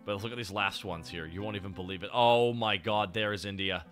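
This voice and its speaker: A man streaming, chatting with his chat in an animated way, swearing and laughing often. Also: lowish voice, fast, soft background music. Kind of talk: casual chat.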